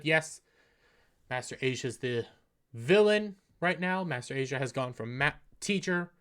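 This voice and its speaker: A man's voice: a little high, pushed and bright. A man hosting an anime review, recapping an episode in a casual, earnest way and often restarting and repeating phrases.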